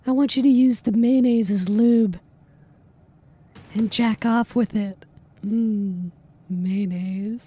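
A woman with a high, soft, mellow voice runs a comedic prank phone call. She is bossy and teasing, with a mock-seductive purr as she gives orders. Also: fairly even intonation, takes it slowly, pauses often. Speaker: prank caller, podcast host.

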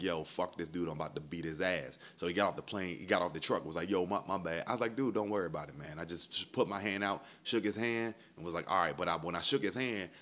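A man with a very low voice telling a long travel mishap story in casual, profane chat, swinging between low muttering and loud exasperation.

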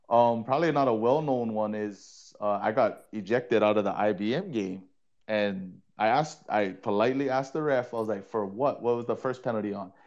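A man from Hawaii, co-host and former player and coach, telling stories in an animated, laughing way and often repeating words. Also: lowish voice, lo-fi sound. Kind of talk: casual storytelling in a podcast chat.

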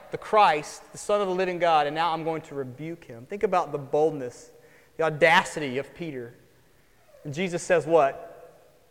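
A man preaching a sermon as pastor, swinging between loud emphatic lines and quiet, wry asides. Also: high voice. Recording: long hall reverb.

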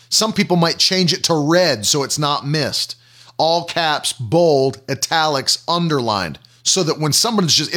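A man's voice: a little high, a bit bright. A man preaching a sermon, teaching through questions and everyday examples and repeating key phrases for emphasis.

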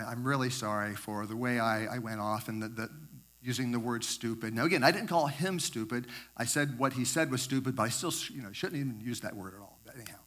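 Older man, grandfather type, bright clear tone, loose rambling sermon storytelling, stumbles and repeats. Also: medium pitch. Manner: rambling, repeats words, self-correcting asides. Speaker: speaker sharing a devotional story.

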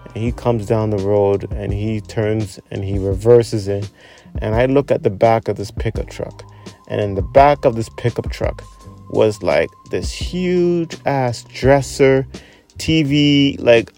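Gravelly man telling a casual story. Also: medium pitch, dark tone. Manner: conversational, acts out quoted speech. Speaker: friend sharing a memorial story.

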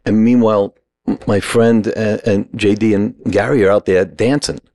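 A middle-aged man tells a story with plenty of energy and acts out every quoted line. His voice sits very low and has a gravelly edge. The sound is dry and close, with no room echo. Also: normal speed. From New York. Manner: animated anecdote-teller, acts out quoted lines. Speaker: guest. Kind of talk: casual storytelling.

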